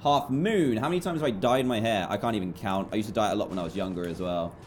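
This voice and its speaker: A man's voice: fairly low pitch, fast talker, darkish tone. British man, young, live game stream chatter, reads donor names, faint noise behind.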